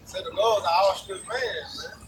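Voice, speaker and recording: A man with a high voice talks in an animated, slangy way. He is recorded outdoors from a distance, with loud street noise. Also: moderate pace. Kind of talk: casual discussion.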